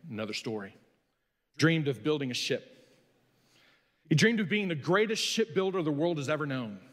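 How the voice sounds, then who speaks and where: A man preaching a sermon as pastor, swinging between loud emphasis and quiet asides. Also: a little high, long reverb tail.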